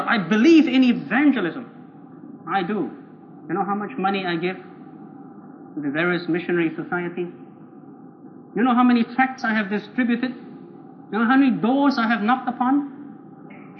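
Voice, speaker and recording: A high-voiced, self-congratulating zealot, as a preacher puts him on brags about his devotion and sputters when he is called out. The sound is muffled and lo-fi, with a faint hiss underneath. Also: normal speed, pauses often, natural voice. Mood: self-satisfied. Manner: boastful, then flustered and stammering. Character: smug self-righteous man, indignant church zealot. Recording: dull lo-fi recording, faint noise.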